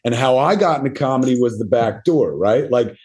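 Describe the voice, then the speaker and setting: A middle-aged man spins loose, rambling anecdotes as a podcast guest, swearing freely and leaning on fillers. His delivery is casual and self-mocking, and his voice sits at an ordinary male pitch. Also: lively intonation, a little fast, darkish tone. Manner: self-deprecating. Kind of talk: casual storytelling interview.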